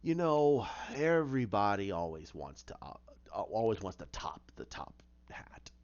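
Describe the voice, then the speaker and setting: A man voicing a scheming male villain clown in a low, hushed, menacing voice. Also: sing-song, unhurried, muffled recording. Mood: sly menacing.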